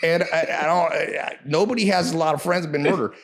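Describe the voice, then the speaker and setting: A man's voice: fairly high pitch, steady tone, quick pace, vocal fry. A man in casual podcast talk, telling brash, profane stories with sudden bursts of emphasis.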